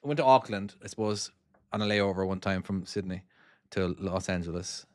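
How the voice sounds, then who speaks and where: A man's voice: low-pitched, normal speed, a little mellow, no echo, clean studio sound. A man, casually chatting on a live stream while playing his own trucking game and reading out viewer comments. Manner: chatty, easily distracted, reads comments aloud.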